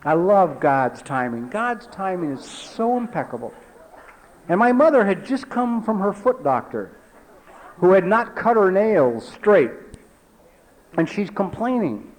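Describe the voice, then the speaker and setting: The recording is low quality: a man in his forties in a meeting hall tells of his own recovery in a sing-song, unhurried way. He peppers his talk with "you know" and sinks low and quiet when he wants to stress a point.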